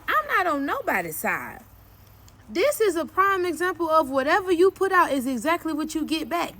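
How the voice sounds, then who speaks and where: A young woman with a high, bright voice recounts family drama in a candid storytime vlog. She talks bluntly and swears freely. Her voice jumps up animatedly whenever she quotes herself. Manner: blunt, profane and emphatic, often cursing; animated retelling with sharp jumps when quoting herself. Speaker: vlogger telling a personal story.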